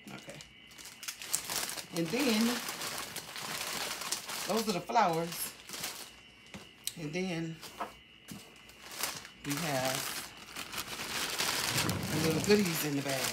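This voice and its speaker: A low-pitched middle-aged woman chatting through a shopping haul at home. She talks in a loose, halting way, full of ums and restarts. A steady hiss sits under the recording. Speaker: vlogger. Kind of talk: casual haul vlog.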